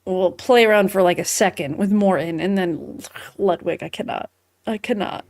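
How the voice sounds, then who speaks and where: A woman's voice: medium pitch, normal speed, a little mellow. A woman co-hosting a casual chat, giggly and laughing through her words, acting out silly quoted voices. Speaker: podcast co-host.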